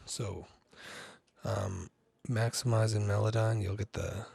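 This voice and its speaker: A man, a music producer, talking through a software tutorial in a relaxed, rambling way full of ums and likes. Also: on the low side, takes it slowly, creaky, slightly rough, dry recording. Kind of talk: casual screen-recorded tutorial.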